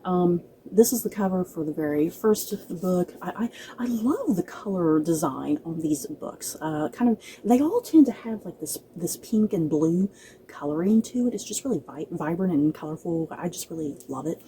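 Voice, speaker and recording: A chatty woman vlogger talks straight to the camera while out of breath, often stumbling over her words and laughing. Her voice is very dark and mellow. A faint hiss of noise sits under it. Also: lowish voice, lively intonation, normal speed, rough recording. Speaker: book vlogger. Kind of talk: casual chat to camera.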